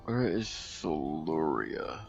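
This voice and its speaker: A man with a gravelly bass voice comments on a strategy game in a casual let's-play, very animated though slow-paced. He reads game text, thinks aloud, and hiccups at times. The audio is dull, with soft music in the background.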